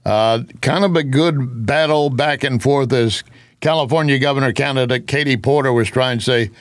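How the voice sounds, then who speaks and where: A man's voice: medium pitch, normal speed, no room sound, studio quality. Sarcastic male political commentator. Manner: opinionated, sarcastic asides.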